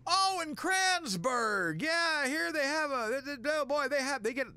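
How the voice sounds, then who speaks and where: A man voicing a good-natured announcer in his sixties who speaks slowly and hesitantly. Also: extremely high pitch, animated, pushed and bright, dry recording, pitched above the performer's own voice, heavily acted. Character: genial old male radio announcer near retirement.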